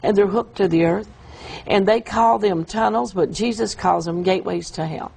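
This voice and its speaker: A woman telling an emotional, halting account of a vision in an interview. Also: medium pitch, creaky, a little mellow, a little hiss or hum, poor audio. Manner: emotional, halting storytelling with restarts. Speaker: guest describing a vision. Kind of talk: earnest testimony in an interview.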